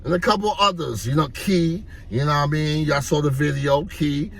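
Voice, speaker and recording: Gravelly, slightly high New guy; animated street storyteller who acts out voices. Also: moderate pace. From Harlem, New York. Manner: animated, acts out voices, repeats "you know what I mean".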